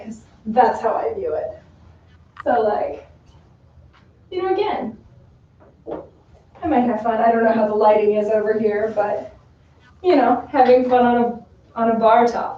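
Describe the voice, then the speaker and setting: A woman's voice: a little high, moderate pace, pauses often, mellow. Giggly woman cosplayer, roomy and distant. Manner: chatty, giggly, many fillers. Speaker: cosplay model. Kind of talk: casual livestream chat. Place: room with a bar. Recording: roomy, distant, dull livestream audio.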